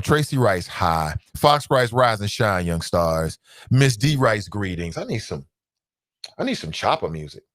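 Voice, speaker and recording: A man's voice: on the low side, dry recording, studio quality. A man hosting a live talk show, reading viewer comments aloud and bantering casually with his audience. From Cincinnati, United States.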